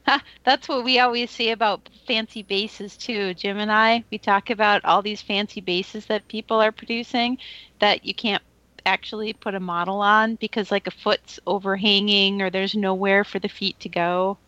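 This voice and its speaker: A woman's voice: medium pitch, steady tone, normal speed, bright, forceful tone, dry recording. Blunt woman on a dull, dry line. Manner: blunt and joking. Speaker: podcast co-host. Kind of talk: casual hobby chat.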